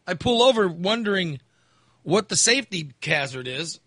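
A man's voice: sits high, expressive, normal speed, bright, forceful tone, dry recording, studio quality. A man casually telling a long story in a chat, acting out the voices of people he met and swearing freely.

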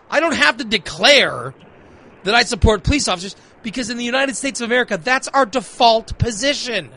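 A man's voice: very high-pitched, expressive, fairly quick, bright, forceful tone. A man hosting a talk radio show, ranting in a heated, emphatic way and repeating phrases for emphasis. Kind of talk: opinionated talk radio rant.

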